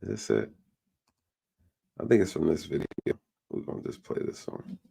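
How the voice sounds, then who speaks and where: A man's voice: low voice, moderate pace, gravelly, warm tone, slightly rough. A man doing casual online commentary, ranting in an exasperated, irritated way to his viewers. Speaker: YouTube commentator.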